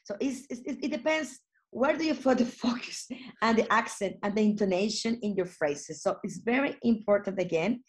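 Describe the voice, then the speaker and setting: A woman's voice: on the high side, normal speed. Woman trainer explaining step by step. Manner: explaining with repetition and restarts. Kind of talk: webinar lesson.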